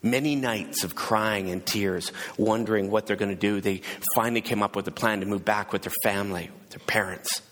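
A man's voice: fairly low pitch, steady tone, fairly quick, hardly any pauses, fairly bright tone. A man preaching a sermon and telling a story, acting out the voices of its people and building to fervent emphasis. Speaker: pastor. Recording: long hall reverb.

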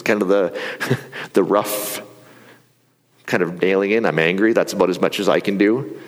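A man preaching a sermon in a conversational, animated storytelling way. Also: on the low side. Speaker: pastor. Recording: reverberant hall.

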